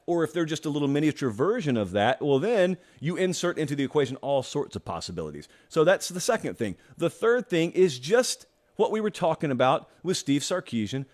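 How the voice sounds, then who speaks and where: A man hosting a college football show, giving opinionated solo commentary in a conversational way, posing rhetorical questions. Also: on the high side. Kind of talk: solo sports talk commentary.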